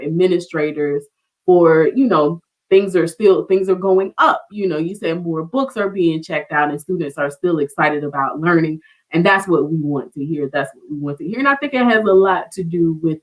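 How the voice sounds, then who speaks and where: A host running a live online teach-in, full of warm thanks and cheerful encouragement for the guest. The voice sits at a middle pitch and speaks at an ordinary pace. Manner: effusive, encouraging praise. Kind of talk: live online show hosting.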